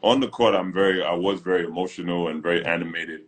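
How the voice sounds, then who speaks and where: Deep-voiced man telling animated stories. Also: fast talker. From Britain. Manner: animated storyteller acting out quotes, laughing often. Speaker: co-host, former pro basketball player. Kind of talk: casual livestream chat. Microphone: phone on a live video stream.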